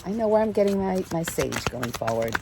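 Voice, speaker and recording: A woman's voice: on the low side, very animated, brisk, vocal fry, very noisy. A woman giving a casual spiritual card reading in a preachy, emphatic way, repeating her key phrases. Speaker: tarot card reader.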